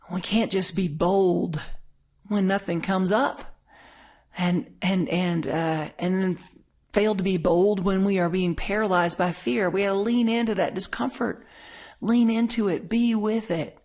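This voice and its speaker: Woman minister with a lowish voice. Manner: conversational, storytelling, laughs often. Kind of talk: sermon.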